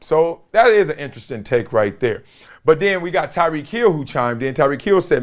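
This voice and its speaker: Animated, lively male sports commentator. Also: on the high side, normal speed. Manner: animated, playful, laughs often, mimics coaches. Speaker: sports show host.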